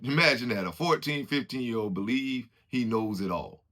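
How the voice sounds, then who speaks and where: A man's voice: mid-range voice, lively intonation, normal speed, bright, forceful tone. A man giving an informal, preachy motivational talk, acting out what other people say as he goes. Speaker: motivational speaker.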